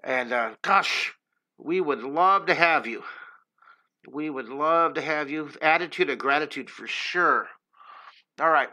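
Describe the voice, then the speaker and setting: A man's voice: on the high side, a little slow, bright, forceful tone. A middle-aged man hosting a live drawing lesson, chatting upbeat and encouraging with his viewers as he draws. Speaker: drawing teacher and host.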